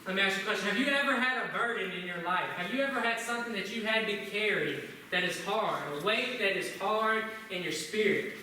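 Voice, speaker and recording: A man's voice: sits high, fairly quick, bright, forceful tone, slight background noise. A man preaching a sermon in church, opening with prayer and asking the congregation many questions. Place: church sanctuary. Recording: echoey church room, from a distance.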